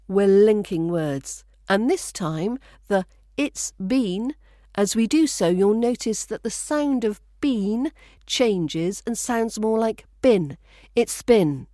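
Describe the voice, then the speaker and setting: A woman's voice: medium pitch, mellow, dry recording, clean studio sound. A woman with a British accent giving a scripted pronunciation lesson, speaking carefully and repeating each phrase as a model. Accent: British English. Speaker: accent coach.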